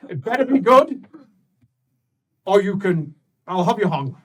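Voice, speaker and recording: A man voicing an irritable, grieving middle-aged ruler who is blunt and crude, speaking loudly and gruffly. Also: mid-range voice, animated, measured pace. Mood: angry. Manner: loud, gruff and cursing.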